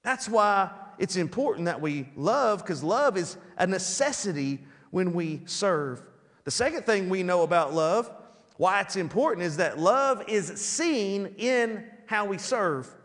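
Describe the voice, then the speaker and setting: A man preaches a sermon with a lot of animation, dropping into little acted scenes to drive home his points. His voice sits high for a man. Long reverb from the church hall trails after his words. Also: expressive, a little slow, a bit bright. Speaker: pastor. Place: church sanctuary.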